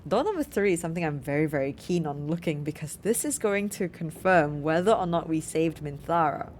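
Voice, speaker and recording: A woman casually commentating a video game, chatty, excitable and often apologetic. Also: sits low, a little fast, a little hiss or hum. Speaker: let's play streamer.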